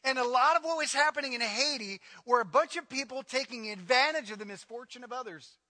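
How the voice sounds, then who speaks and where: A man preaching a sermon on scripture, dramatic and emphatic, swinging from loud repeated lines to low murmurs and acting out quoted voices. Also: expressive, a little fast, no echo.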